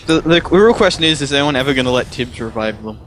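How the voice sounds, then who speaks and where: A man in casual chat over a game stream, quick and joking. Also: mid-range voice, lively intonation, a bit bright, soft background music. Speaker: livestream co-player.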